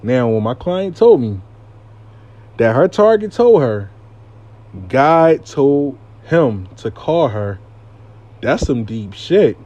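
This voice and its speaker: A man with a mid-range voice hosts a casual storytime, speaking slowly with frequent pauses, and the audio sounds dull. He tells his story animatedly, swears a lot, and keeps repeating his catchphrase "I lie to you not."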